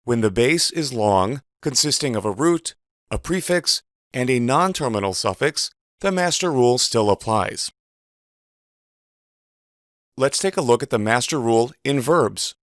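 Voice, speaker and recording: A man giving a measured, precise instructional voice-over as a teacher. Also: mid-range voice, expressive, a bit bright, dry recording, clean studio sound. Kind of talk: scripted instructional narration.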